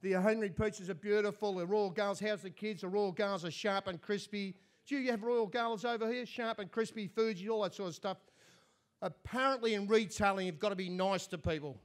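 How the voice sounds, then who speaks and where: A man's voice: high voice, fairly even intonation, fairly quick. An Australian man telling comic stories as an after-dinner speaker, dry and self-mocking.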